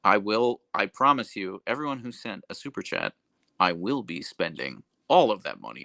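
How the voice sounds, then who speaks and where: A man's voice: on the low side, sing-song, moderate pace, vocal fry, sharp tone, no echo. A young adult man hosting a casual livestream, rambling and correcting himself as he reads chat messages aloud. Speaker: livestream host. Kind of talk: casual live-stream chat.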